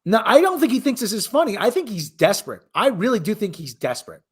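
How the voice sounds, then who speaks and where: A man's voice: high voice, wildly swooping pitch, fast talker, a bit bright, slightly rough. A man hosting a podcast, giving sardonic, rambling commentary with frequent restarts. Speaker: podcast host. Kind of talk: casual commentary chat.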